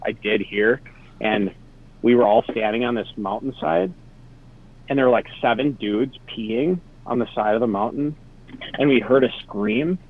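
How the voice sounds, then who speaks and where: A man's voice: mid-range voice, a little slow, slight background noise. A young man from Wisconsin, a podcast guest telling travel stories in a laid-back, rambling way over a video call. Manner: laid-back, lots of "like" and trailing asides. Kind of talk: casual storytelling. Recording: tinny phone-like call audio.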